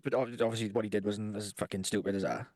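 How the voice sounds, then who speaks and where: Man, thirties, podcast co-host, rambling storyteller, swears a lot, rapid delivery, dry close sound. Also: lowish voice, fairly even intonation, darkish tone, no echo. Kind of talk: casual chat.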